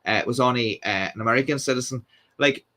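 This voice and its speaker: A young man from Ireland hosts a casual live stream, reading out viewer comments and rambling with frequent fillers and restarts. His mid-range voice moves at a quick pace and comes across pushed and bright.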